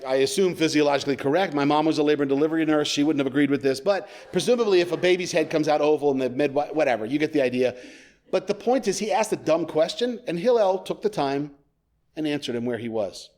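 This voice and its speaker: A man delivers a sermon as a rabbi, telling an old tale in a relaxed, conversational way and breaking off for jokey asides. His speaking voice sits a little higher than most men's, and he talks to the congregation as if chatting. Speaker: rabbi, guest preacher. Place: church sanctuary.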